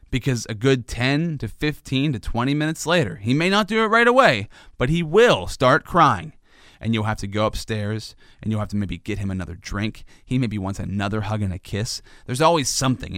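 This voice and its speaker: Animated, rambling male comic host. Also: medium pitch, no echo, clean studio sound. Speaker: host, father of a toddler. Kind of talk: comedic monologue.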